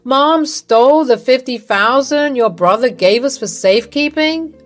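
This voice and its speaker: A woman's voice: sits high, lively intonation, measured pace, soft background music, pitched above the performer's own voice. A woman voicing an adult husband caught between his wife and his mother, speaking in an exasperated, questioning way.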